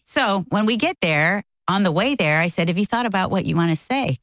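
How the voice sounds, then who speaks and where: A woman's voice: brisk, dry recording, poor audio. A middle-aged woman co-hosting a casual talk show, telling a story and acting out quotes with big jumps in her voice. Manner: animated, acts out quotes with big pitch jumps. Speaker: co-host.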